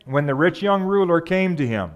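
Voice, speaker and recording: A pastor preaching a sermon in a conversational way, often asking the congregation rhetorical questions. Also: male voice, a little high, expressive, normal speed, lo-fi sound.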